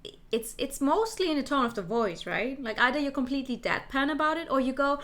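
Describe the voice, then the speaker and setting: A young woman chats through a game stream with quick, joking asides. Her voice is bright and fairly high, and it swings widely in pitch. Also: animated. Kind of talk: casual game stream chat.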